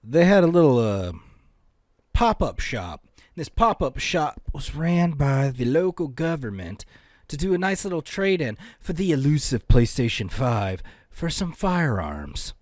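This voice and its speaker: A man's voice: on the high side, sing-song, unhurried, no echo, clean studio sound. A man co-hosting a podcast, rambling and laughing through casual banter. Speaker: podcast co-host.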